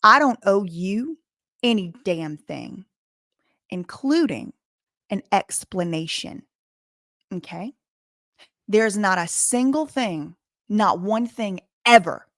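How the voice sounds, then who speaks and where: A woman hosting commentary, talking indignantly and repeating her points with deliberate stresses. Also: mid-range voice, a bit bright, dry recording, clean studio sound. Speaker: commentary channel host. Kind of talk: emphatic to-camera commentary.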